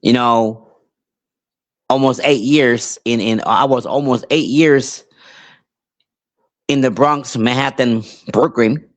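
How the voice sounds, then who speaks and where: A man who grew up between Puerto Rico and New York, hosting a podcast and telling a rambling casual story with many restarts and animated outbursts. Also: mid-range voice, slow pace, pauses often. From Puerto Rico, raised in New York. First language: English. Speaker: podcast host.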